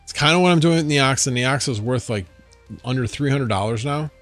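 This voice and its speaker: A man's voice: mid-range voice, fairly quick, a bit bright, faint music behind. A man hosting a casual livestream from home, rambling and thinking aloud as he answers viewers' chat. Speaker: livestream host.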